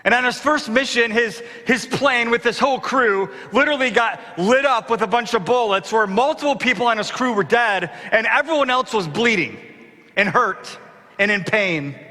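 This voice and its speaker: A man's voice: very high voice, moderate pace, bright, forceful tone, big-room sound. A man preaching a sermon as pastor, with impassioned rhetorical questions. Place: church.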